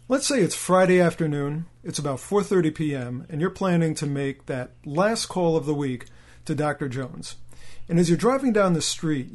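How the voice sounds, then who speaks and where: A man coaching salespeople in a motivational training talk, with a voice that sits a little higher than most men's. He speaks directly and emphatically to the listener, often stopping to ask a rhetorical question.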